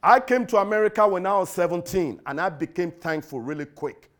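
Nigerian guy preaching, high-pitched, punchy and repetitive, goes loud then quiet. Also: lively intonation, a little fast. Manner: emphatic, repeats key phrases, swings between loud and soft. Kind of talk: sermon.

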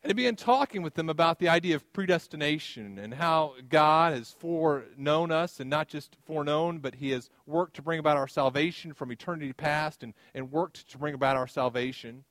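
A man preaches a sermon to his congregation, telling everyday stories with gentle humor. His voice sits somewhat high for a man and sounds close and dry, with little room echo. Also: a little fast, few pauses. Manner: conversational preaching with personal anecdotes and light humor. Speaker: pastor.

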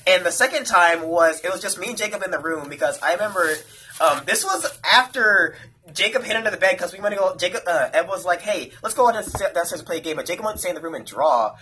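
A young man recounts a story to friends in a loose, rambling way, filling gaps with "like". His voice sits a little high and sounds bright and forward. He talks quickly, one clause tumbling into the next. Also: expressive, a little hiss or hum, rough recording. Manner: rambling, heavy use of "like". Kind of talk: casual chat.

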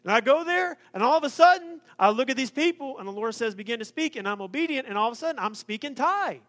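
A man preaching a sermon, joking and lively in his asides. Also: very high-pitched, fast. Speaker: pastor.

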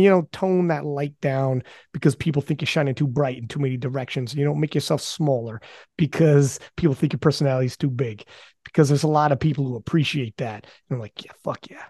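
A man hosting a podcast in casual chat, animated and swearing often, restarting his sentences. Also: fairly high pitch, a little fast, no room sound, studio quality. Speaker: podcast host.

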